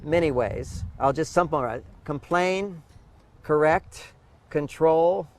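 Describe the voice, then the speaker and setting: A man giving relationship advice in a casual outdoor interview, animated and acting out the voices he quotes. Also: a little high, slow pace, slight background noise, low-quality recording. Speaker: interview guest, relationship advisor.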